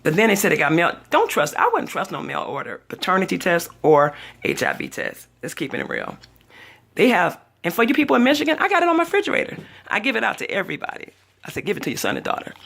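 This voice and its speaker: An older woman with a gravelly, husky voice talks straight to the camera in a casual vlog. She tells her story with drama, swinging her pitch widely as she acts out everyone she quotes. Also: huge pitch swings, fast talker, a bit bright. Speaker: vlogger.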